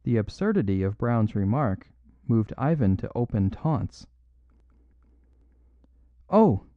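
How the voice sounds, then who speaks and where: A man narrating a classic story in a measured, low-key way. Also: expressive, no room sound. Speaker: audiobook narrator. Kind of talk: scripted narration. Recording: dull lo-fi dry recording.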